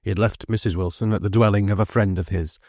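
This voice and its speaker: Low-voiced male audiobook narrator. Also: steady tone, fast, mellow, no room sound, clean studio sound. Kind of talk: scripted narration.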